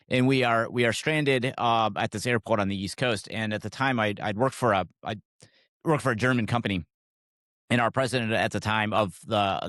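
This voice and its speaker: A man's voice: fairly low pitch, a bit bright, no room sound, studio quality. A middle-aged man from West Michigan, co-hosting a podcast and telling a story in casual chat with many fillers. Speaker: podcast co-host.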